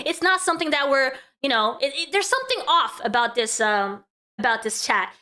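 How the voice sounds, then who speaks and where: A woman's voice: sits high, lively intonation, fairly quick, pushed and bright. A woman hosting a casual commentary stream, chatty and talking to her chat, laughing often. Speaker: vtuber host.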